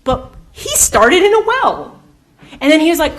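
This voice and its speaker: With a high, sing-song voice of fairly bright tone and a moderate pace, a woman in her twenties speaks at a youth event held in an indoor community room. Comic personal stories carry her toward a faith message as she laughs a lot, says "like" repeatedly, and impersonates the people in them.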